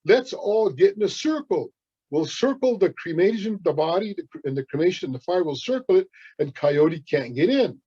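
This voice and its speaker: A man's voice: high voice, expressive, normal speed, mellow, breathy edge, dull audio. Man playing village folk coaxing a trickster. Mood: worried. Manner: coaxing, calling out. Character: worried village people plotting together.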